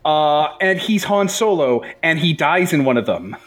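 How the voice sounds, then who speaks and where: A man's voice: on the high side, moderate pace, faint music behind. A man playing in a tabletop game, bantering and rambling through jokes about movies. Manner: animated, rambling, joking. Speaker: player.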